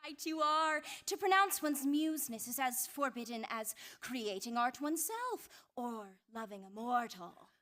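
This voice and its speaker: A woman's voice: high voice, lively intonation, measured pace, few pauses, fairly bright tone. A woman acting in a stage musical rehearsal as a theatrical young muse leader, declaiming in a lofty mock-archaic way. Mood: conspiratorial. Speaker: stage actor.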